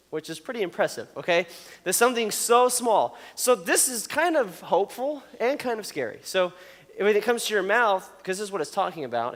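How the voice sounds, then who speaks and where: Young male youth pastor, high voice, chatty storytelling sermon, long hall reverb. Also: fairly bright tone. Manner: storytelling, joking, often checks in with "okay?".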